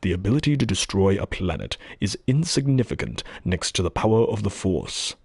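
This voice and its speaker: A man imitating a menacing, deep-voiced armored space villain with a gravelly, breathy sound. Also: very animated, fairly quick, darkish tone, no room sound, exaggerated voice.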